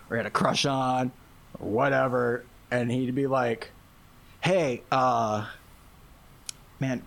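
A man's voice: mid-range voice, creaky. A man casually telling a wild story, swearing constantly, laughing often and acting out what people said. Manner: animated, laughing, heavy swearing, acts out quotes.

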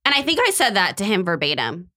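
A young woman telling a dating story in casual chat, animated and acting out the quotes, saying "like" a lot. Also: mid-range voice, fast talker. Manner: animated storyteller, acts out quotes, says "like" often.

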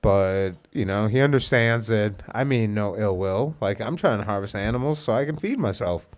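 A man's voice: lowish voice, lively intonation, moderate pace. A man hosting a podcast, telling a rambling story in casual chat with many fillers and restarts. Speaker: podcast host.

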